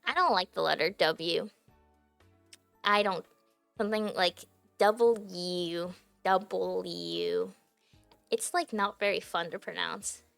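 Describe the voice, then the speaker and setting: A woman's voice: on the low side, fairly even intonation, slow pace, vocal fry, pauses often, fairly bright tone, no room sound, faint music behind. A young adult woman streaming, chatting casually to her viewers, giggly and filling her talk with "like". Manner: chatty and giggly, heavy use of "like" fillers. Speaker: livestreamer.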